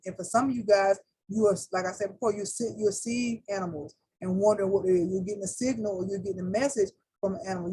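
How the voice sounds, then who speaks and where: A woman's voice: medium pitch, a little mellow, breathy edge, rough recording. A woman giving a casual spiritual reading, talking loosely to viewers in slang. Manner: loose, slangy, talks straight to viewers as y'all. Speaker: tarot reader.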